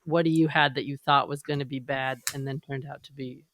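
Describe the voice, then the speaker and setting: A woman co-hosting a casual podcast chat, animated and chatty as she tells her stories. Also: a bass voice, brisk. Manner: chatty and animated, slipping into quoted voices. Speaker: podcast co-host.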